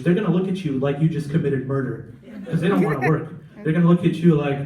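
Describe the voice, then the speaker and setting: Young male comic, animated storyteller, slightly high voice, roomy distant live-venue sound. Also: fast talker. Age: young adult. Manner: animated, mimics family members with big voice jumps. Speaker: stand-up comedian. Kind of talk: stand-up comedy set. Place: live comedy venue with audience.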